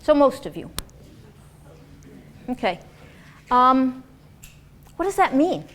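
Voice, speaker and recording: A woman lecturing a class on dance and movement therapy in an animated, demonstrative way, acting out example voices. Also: high voice, slow.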